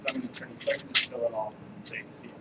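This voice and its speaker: A man's voice: mid-range voice, fairly even intonation, rapid-fire, background noise. A man, an attorney, giving a casual, joking live training talk to real estate agents and asking the room questions.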